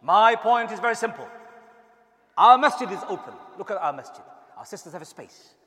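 A man delivering an impassioned sermon as an imam, swinging from quiet asides to shouted rhetorical questions. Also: high-pitched, expressive, brisk. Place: mosque hall. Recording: long reverb in a large hall.

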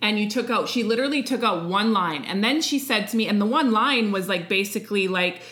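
Emphatic, animated woman telling stories. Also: medium pitch, fairly quick. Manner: emphatic, animated storyteller who swears freely. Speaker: podcast co-host. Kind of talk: candid conversational chat.

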